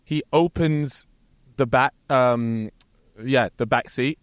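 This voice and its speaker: A man's voice: mid-range voice, slow pace, smooth, dry recording. A man co-hosting a podcast in casual chat, telling long rambling stories and swearing freely, recorded inside an RV. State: hungover. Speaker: podcast co-host. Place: inside a parked RV.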